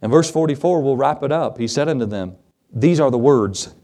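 A man preaching a sermon to his congregation, animated, acting out Bible scenes in quoted voices. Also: mid-range voice, normal speed. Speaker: pastor.

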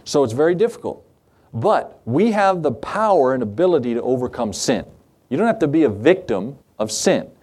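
A man delivering a sermon from the pulpit. His pitch moves a great deal as he preaches. He mixes King James scripture readings with plain, conversational asides and rhetorical questions. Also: big pitch swings, normal speed, a little mellow, husky. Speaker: pastor.

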